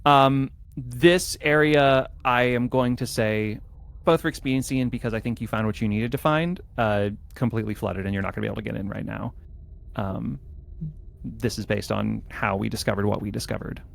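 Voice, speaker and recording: A man's voice: lowish voice, moderate pace, gravelly, a little hiss or hum. A man narrating as game master, explaining the scene carefully with frequent hesitations and restarts.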